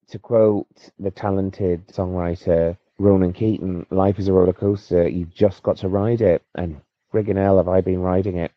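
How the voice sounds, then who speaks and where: Deep, rambling man on a lo-fi voice note. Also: no echo. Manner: chatty, rambling, jokey. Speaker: listener sending a voice note. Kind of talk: casual voice note. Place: in bed at home.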